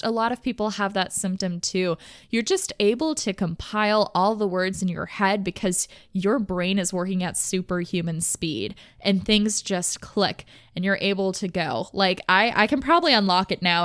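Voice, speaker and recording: A young woman hosting a podcast, talking candidly and casually, often in quick bursts peppered with "like". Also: medium pitch, fairly bright tone, clear, resonant tone, dry recording, clean studio sound. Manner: chatty, candid, fast bursts with frequent "like". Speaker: podcast host. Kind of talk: casual personal talk on mental health.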